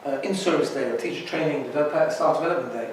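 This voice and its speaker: Rabbi guy giving a casual class, kinda high voice, sounds far from the mic in a big echoey room. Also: fast, slight background noise. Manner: chatty, keeps asking "right?". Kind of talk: informal Torah lesson.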